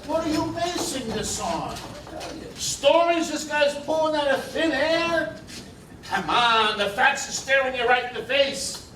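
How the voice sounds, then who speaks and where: A man's voice: very high voice, animated, a little slow, bright, forceful tone, full character voice. An actor playing a brash, sneering male juror in a 1950s film drama. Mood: scornful. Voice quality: blunt, sneering. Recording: roomy film soundtrack, distant, faint hiss.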